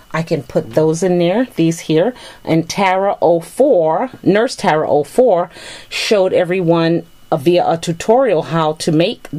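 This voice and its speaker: A middle-aged woman vlogs while unboxing a gift package, chatting casually and gushing thanks over each item. Her voice is fairly low and a little mellow.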